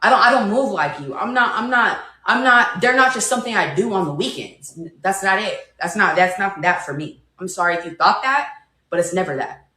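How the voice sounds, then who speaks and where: A furious woman rants defiantly, firing off one insult after another. Her voice is bright and sharp, with a lively rise and fall, and it echoes in a roomy space. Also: mid-range voice, fairly quick. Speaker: mother responding in a clip. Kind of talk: angry rant clip.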